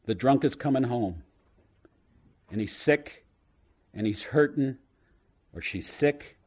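A man's voice: medium pitch, expressive, takes it slowly, a little mellow. A man sharing his story at a recovery meeting in a humorous storytelling style, punchy and joking, then turning earnest. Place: lives in New York.

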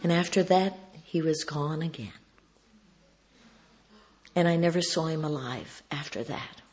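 A woman's voice: low voice, unhurried, darkish tone. A woman speaking at a recovery meeting, telling a personal story in a folksy, wry way and acting out the dialogue she recalls.

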